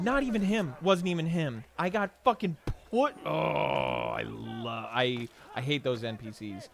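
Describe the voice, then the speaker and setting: A young man with a creaky, mid-range voice streams from home and chats casually while gaming. Between moments of play he rambles, curses plenty, says "like" often, and starts sentences over.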